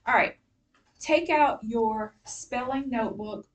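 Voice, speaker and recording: A woman's voice: fairly high pitch, slow, recorded from a distance, slight background noise. A woman teacher giving a spelling lesson to young pupils, patient and directive, walking them step by step through each instruction. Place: classroom.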